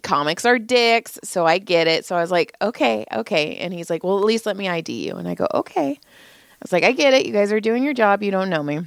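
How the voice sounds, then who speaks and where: Animated woman spinning a story. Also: mid-range voice, fairly quick, creaky, clear, resonant tone, no echo, clean studio sound. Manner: animated, acts out everyone's lines in her stories; frequent laughter and swearing. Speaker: podcast co-host. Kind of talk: casual comedic storytelling.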